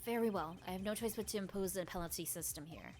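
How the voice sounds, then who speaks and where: A woman putting on a fussy elderly judge, formal but easily rattled. The voice sits slightly high and careful. Faint music hums behind the game reading. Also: fast, a little mellow, lightly acted. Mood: stern. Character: flustered elderly male judge.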